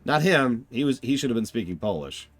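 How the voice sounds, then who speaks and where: A man's voice: mid-range voice, big pitch swings, fairly quick, soft background music. A man streaming a game, rambling and joking at his own expense while commenting on the voice acting. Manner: joking, rambling, self-deprecating.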